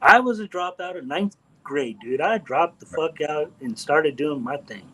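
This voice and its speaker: A man's voice: fairly high pitch, animated, measured pace, fairly bright tone, poor audio. A middle-aged man from Texas, hosting a livestream and chatting casually in a blunt, profane, rambling way. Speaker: livestream host. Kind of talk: casual chat.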